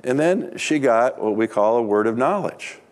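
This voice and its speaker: A man's voice: medium pitch, animated, moderate pace. A middle-aged man, a pastor, preaching a sermon with humorous personal stories in a chatty, conversational way.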